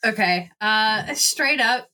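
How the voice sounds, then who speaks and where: A young woman playing in a tabletop game, chatting casually, swearing and reacting loudly. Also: mid-range voice, lively intonation, takes it slowly, a little hiss or hum. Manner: swearing, loud and laughing reactions. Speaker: player. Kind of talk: casual role-play chat.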